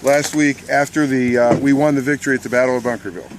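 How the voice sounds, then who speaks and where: A man recounting a protest in animated first-person storytelling, restarting and repeating words and laughing as he goes. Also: mid-range voice, fast, noisy background. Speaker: militia member recounting a protest.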